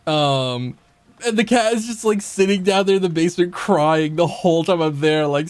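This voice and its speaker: A man's voice: on the high side, normal speed, no room sound. A man streaming a game, chatting casually, swearing a lot and talking to the characters on screen, with faint game music behind. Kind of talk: casual gameplay commentary.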